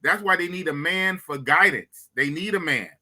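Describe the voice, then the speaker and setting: Fired-up podcast host, very bright voice. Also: male voice, fairly high pitch, moderate pace. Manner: emphatic hype, cheering the guest on. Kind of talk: casual podcast chat.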